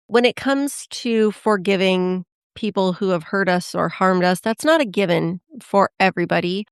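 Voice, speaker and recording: A woman hosting a podcast, asking brisk, probing interview questions. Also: mid-range voice, clear, resonant tone, no echo, studio quality. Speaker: podcast host.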